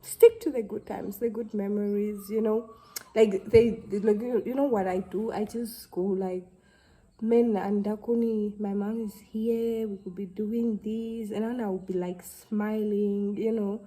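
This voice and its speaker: A young woman, talking to camera in a halting, heartfelt way and close to tears. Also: medium pitch, steady tone, dark tone, poor audio. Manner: halting, heartfelt, with many restarts. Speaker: vlogger. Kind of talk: casual talk to camera.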